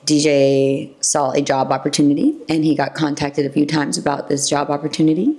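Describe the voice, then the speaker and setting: Woman, thirties, low voice, casual storytelling, lots of "like" and "you know", podcast guest. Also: fairly even intonation, a little fast, a little mellow. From San Diego. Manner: chatty, many fillers, acts out quoted exchanges.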